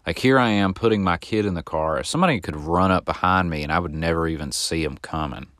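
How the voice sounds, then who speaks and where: A man hosting a podcast, telling a long personal story in a casual, rambling way and getting animated when he reenacts what people shouted. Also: low voice, fast, dry recording, studio quality. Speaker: podcast host.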